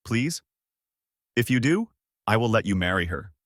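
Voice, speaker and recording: A man's voice: on the low side, big pitch swings, moderate pace, a bit bright, no room sound, clean studio sound. A man reading as a big hearty king. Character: huge burly kindly male king.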